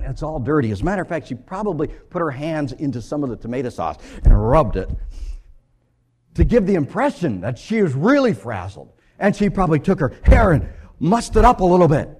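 A male preacher delivering a sermon, telling a story with big swings between loud and hushed. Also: mid-range voice.

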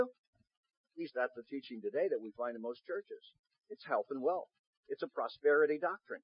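A man preaching a sermon, reading scripture slowly and building to loud, emphatic passages, sometimes having the congregation repeat phrases after him. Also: on the high side, animated, husky, no echo, highs cut off. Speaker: pastor.

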